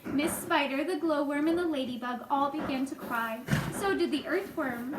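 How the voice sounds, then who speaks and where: A woman reading a children's book aloud in a gentle, expressive way. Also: sits high, normal speed, few pauses. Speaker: storyteller. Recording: echoey room, faint noise.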